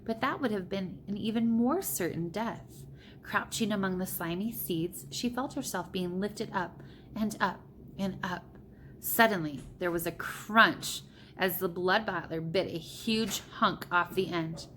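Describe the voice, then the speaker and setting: A woman reading a children's storybook aloud with steady, plain narration. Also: mid-range voice, measured pace, slight background noise. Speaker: reader.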